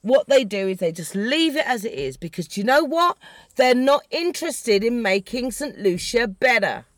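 A woman's voice: a little high, expressive, normal speed, dry recording, clean studio sound. Fiery, foul-mouthed woman ranting. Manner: blunt and profane, heated and sarcastic. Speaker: political commentator. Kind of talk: impassioned political rant. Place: in the country she discusses.

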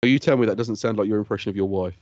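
A man co-hosting a casual podcast, excitable and teasing, laughing often. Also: fairly low pitch, very fast. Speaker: podcast co-host. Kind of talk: casual chat. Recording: dull lo-fi dry podcast audio.

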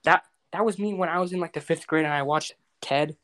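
A man's voice: fairly high pitch, fairly quick, a bit bright. Young male co-host, loose and rambling, casual podcast banter. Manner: rambling with many fillers. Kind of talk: casual chat.

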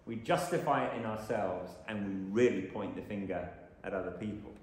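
Guy preaching, dramatic loud then hushed, big echoey church hall. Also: on the low side, moderate pace, a little hiss or hum. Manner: dramatic, swings from loud to hushed, acts out grumbling voices. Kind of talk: sermon.

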